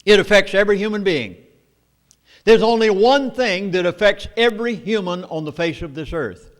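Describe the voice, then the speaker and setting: A man with a Southern US accent lecturing an audience, emphatic and storytelling, with dramatic pauses. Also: high-pitched. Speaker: speaker at a meeting. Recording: long hall reverb.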